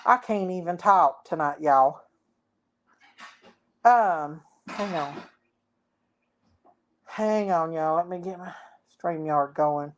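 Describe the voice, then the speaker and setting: A woman's voice: deep voice, slow, long pauses. A woman chatting casually to viewers on a livestream from her farm home, rambling and addressing them as y'all. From Tennessee. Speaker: livestream host. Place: farm, outdoors then indoors at home. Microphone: phone or laptop.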